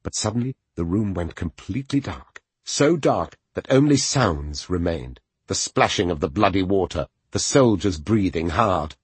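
A man narrating a fantasy audiobook with expressive storytelling. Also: low-pitched, slightly rough, no room sound.

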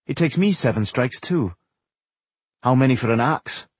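Kind young blacksmith woman done by a man reading, soft questions, slightly husky, dry sound. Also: medium pitch, lively intonation, moderate pace, no echo. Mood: friendly. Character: young woman smith, friendly and caring.

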